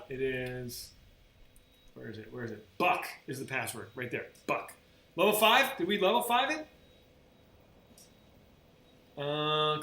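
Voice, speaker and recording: A man chatting casually on a gaming live stream rambles, swears, and restarts a lot. His voice has a fairly high pitch and a sharp tone, and the recording is roomy with faint background noise.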